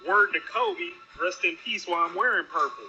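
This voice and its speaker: Co-hosting a laid-back hip-hop podcast by remote call, a man talks emphatically and animatedly, repeating himself for weight. His voice is high and a little fast, heard over a dull, echoing line with faint noise and soft background music.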